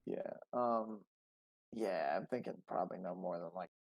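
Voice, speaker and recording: A man's voice: low voice, normal speed, creaky, highs cut off. A man co-hosting a podcast over a call, chatting casually and rambling with lots of "like". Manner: rambling, many "like" fillers. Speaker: podcast co-host. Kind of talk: casual chat. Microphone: remote call.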